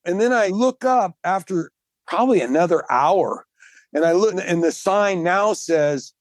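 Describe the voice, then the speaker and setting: A man, a marathon swimmer and guest, telling his story in casual chat, animated and emphatic, laughing often. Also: sits high, measured pace, no room sound.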